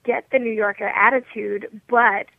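A woman from New York in her thirties, a motivation coach talking as a radio guest in a blunt, energetic, straight-talking way over the phone. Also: on the high side, normal speed, creaky, no room sound. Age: 30s. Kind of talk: radio interview. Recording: tinny phone line, dry.

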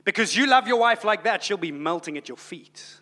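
A man preaching a sermon as pastor, shifting between quiet and loud, exclaimed passages. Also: high-pitched, expressive, a little fast. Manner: dynamic preaching, swings from soft to loud. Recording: long hall reverb.

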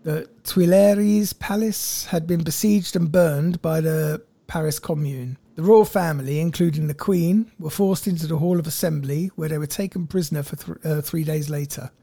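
Gravelly, mellow man telling a story. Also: fairly high pitch, moderate pace, hardly any pauses, no room sound. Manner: wry, jokey narration read from notes. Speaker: podcast co-host telling the story. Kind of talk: casual storytelling chat.

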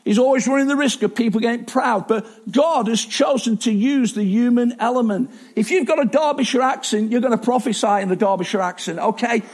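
A man's voice: extremely high pitch, a little fast, hardly any pauses, darkish tone. A man preaching a sermon in a chatty, self-deprecating way, with asides and restarts.

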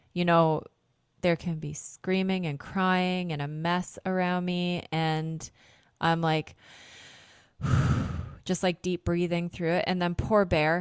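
A woman's voice: deep voice, smooth, no room sound, studio quality. A woman in her thirties hosting a podcast, rambling casually and self-deprecatingly with frequent laughs and fillers. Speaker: podcast host.

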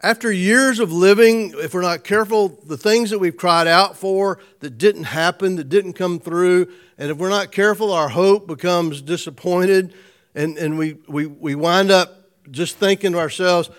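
High-voiced man preaching casually. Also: moderate pace, fairly bright tone. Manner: conversational, repeats and restarts, chuckles often. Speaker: pastor. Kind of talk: informal sermon to a small group.

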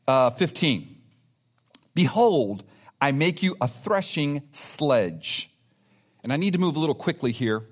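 A man preaching a sermon as pastor, emphatic and animated, with playful asides to the congregation. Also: on the high side. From grew up in a city.

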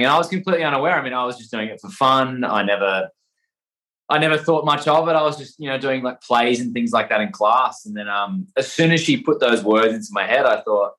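Young Australian man, guest actor, hesitant and rambling, mid-pitched, everyday voice. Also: fast, bright, forceful tone, poor audio. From Perth, Western Australia. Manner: rambling, hesitant, many fillers and restarts. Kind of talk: casual interview chat.

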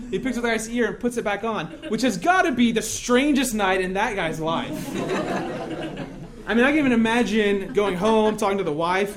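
A man's voice: sits high, expressive, normal speed. A male pastor giving a conversational sermon, joking often and checking in with his listeners.

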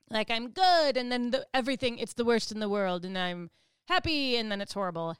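A woman in her thirties teaching from the Bible in a relaxed, chatty way, laughing often as she acts out other voices. Her voice is smooth and fairly high. The sound is close and dry. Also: no room sound. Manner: animated, laughing, acts out voices of kids and God. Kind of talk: casual Bible study teaching. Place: US Midwest.

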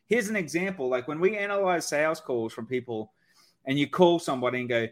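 A man speaking as a sales expert guest in a conversational podcast, energetic and acting out sales-call dialogue. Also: fairly high pitch, fairly quick.

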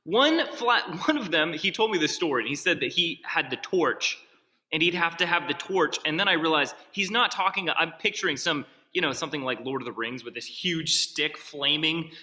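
A man's voice: a little high, lively intonation, normal speed, bright, forceful tone. A man preaching a sermon as pastor, telling stories in a conversational way with asides. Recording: long reverb of a large hall.

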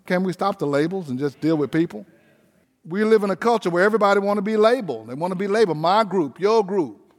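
High-voiced preacher in a big hall. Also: male voice, expressive. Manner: folksy, emphatic preaching with drawn-out phrases. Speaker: pastor. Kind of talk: sermon.

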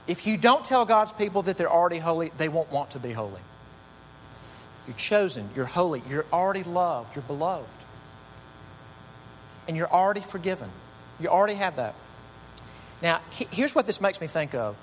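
A man's voice: on the high side, animated, normal speed, pauses often. A man preaching a sermon in a conversational, storytelling way with chatty asides. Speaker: pastor. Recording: long reverb, faint hum.

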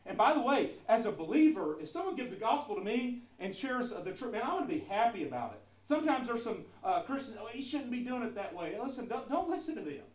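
A pastor preaching a sermon, asking the congregation questions, swinging from soft asides to loud, emphatic stretches with many fillers and repeats. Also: male voice, very high-pitched, quick pace, hardly any pauses, echoey room, far from the mic. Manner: animated call-and-response preaching, asks the congregation questions; conversational with frequent fillers and repeated words.

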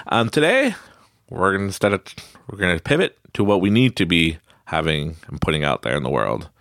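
A man hosts his own podcast in a casual monologue, his low voice carrying a gravelly edge. He tells stories with swinging, lively pitch and often jumps high to act out other people's lines. The sound is dry and close, with no room around it. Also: a little fast, dry recording. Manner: animated storytelling, acts out quotes in a high voice, laughs often. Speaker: podcast host.

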